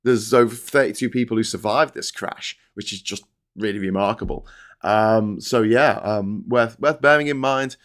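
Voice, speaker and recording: A man's voice: on the low side, moderate pace. A middle-aged British man hosting a live stream, reading chat aloud and giving wry, chatty commentary on the papers. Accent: British English. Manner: sardonic, chatty, reads chat and mocks headlines in silly voices. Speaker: host.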